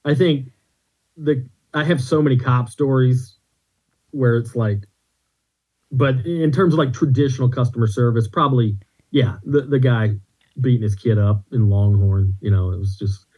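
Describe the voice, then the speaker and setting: A man's voice: mid-range voice, normal speed, a little mellow, slightly rough, poor audio. A man, a comedian on a podcast, telling rambling stories in a casual chat with restarts. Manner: rambling anecdotes with restarts and laughs.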